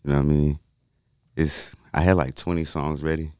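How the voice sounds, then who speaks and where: A man with a very deep, smooth voice talks easily as a podcast guest. He keeps a relaxed, unhurried manner and often asks "you know what I mean." The sound is dry, with no room around it. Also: no room sound. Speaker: guest rapper. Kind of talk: casual interview talk.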